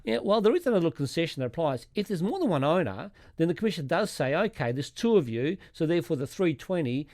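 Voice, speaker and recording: Aussie accountant guy, highish voice, walks thru tax stuff step by step, dry close mic. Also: big pitch swings, quick pace, hardly any pauses, a little mellow, no room sound. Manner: methodical, walks through examples step by step. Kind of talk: explaining tax rules in a podcast.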